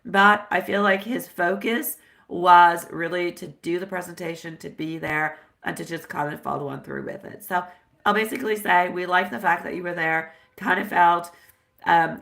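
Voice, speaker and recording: A woman's voice: lowish voice, steady tone, normal speed, vocal fry, a bit bright. A woman doing a live-stream tarot reading, chatty and affectionate, dropping Italian phrases as she answers viewers. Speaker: tarot reader.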